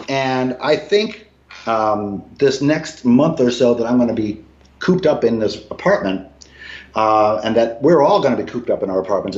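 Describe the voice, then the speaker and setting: A man in casual conversation from his apartment, talking emphatically, swinging between low mutters and raised, swearing outbursts. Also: darkish tone. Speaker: guest. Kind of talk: casual video call conversation. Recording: roomy, dull lo-fi sound.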